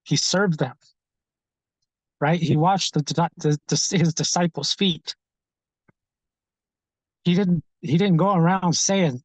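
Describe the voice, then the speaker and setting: A man telling his own story in an interview, earnest and halting, often repeating words as he searches for what to say. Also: fairly high pitch, dry recording, rough recording. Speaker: street ministry founder.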